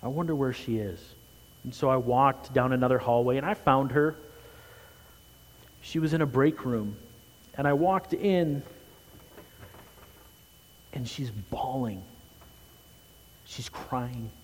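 A male pastor delivering a sermon in a mid-pitched voice, earnest and personal. He surges loud and fast on his big points, then falls to a soft, low hush. His voice rings with the long reverb of a large church hall. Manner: earnest, swells loud and quick for emphasis then drops low and quiet. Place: church sanctuary.

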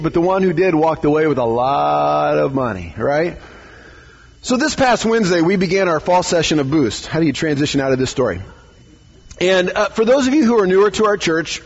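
A man's voice: a little high, breathy edge, lo-fi sound. A man, a pastor, giving a conversational sermon in church, often stumbling over words and asking "right?".

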